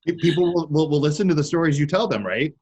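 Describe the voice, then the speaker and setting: A man's voice: a little high, lively intonation, a little mellow, breathy edge. A man hosting a virtual conversation on a video call, stumbling over restarts as he invites questions. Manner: quick, with many restarts and fillers. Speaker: host.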